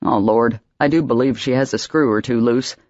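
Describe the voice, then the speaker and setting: A man's voice: moderate pace, darkish tone, no echo, lightly acted. Woman voicing an ailing older man, grumbly and weak, in a close, dry, slightly muffled audiobook recording. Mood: grumbling, teasing. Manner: low, grumbling and wheezing.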